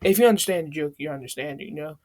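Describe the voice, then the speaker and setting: A woman's voice: deep voice, rapid-fire, a little mellow. A woman casually retelling a made-up fan story, rambling in slang with constant fillers.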